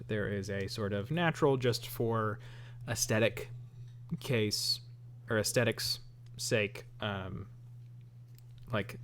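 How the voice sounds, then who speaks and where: Low-voiced man running a tabletop game. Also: a little hiss or hum. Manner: relaxed, halting, many ums and laughs. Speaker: game master.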